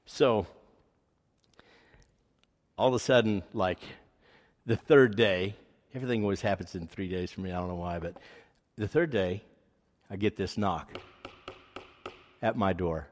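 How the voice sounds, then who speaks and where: A man with a low voice speaks a little slowly and pauses often while sharing an earnest, rambling personal testimony as a sermon. His storytelling is full of fillers, and the recording has echoey hall reverb.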